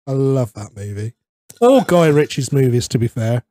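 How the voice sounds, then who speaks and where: A man's voice: mid-range voice, expressive, moderate pace, mellow, no room sound. A man talking as a podcast guest in casual banter, laid-back and laughing.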